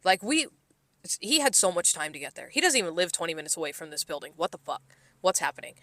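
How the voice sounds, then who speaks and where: A woman's voice: fairly low pitch, big pitch swings, quick pace, fairly bright tone, no room sound. A woman co-hosting a podcast, telling a story in a casual, exasperated and profane way. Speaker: podcast co-host.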